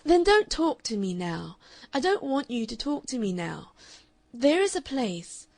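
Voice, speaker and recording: A woman's voice: fairly high pitch, animated, normal speed, creaky, a little mellow, husky, no echo, pitched above the performer's own voice, full character voice. A woman reading an earnest, flustered young woman. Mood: insistent. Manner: earnest, insistent, polite. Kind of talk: audiobook character reading.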